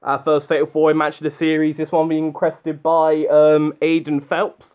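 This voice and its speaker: A young man doing excitable play-by-play commentary on a robot combat match, animated and chatty. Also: fairly high pitch, moderate pace, smooth, phone-quality sound.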